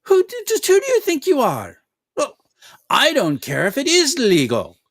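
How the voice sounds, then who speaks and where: A man's voice: wildly swooping pitch, moderate pace, fairly bright tone, no echo, studio quality, heavily acted. A man voicing an indignant middle-aged woman baker who is outraged about a loan. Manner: shrill, indignant.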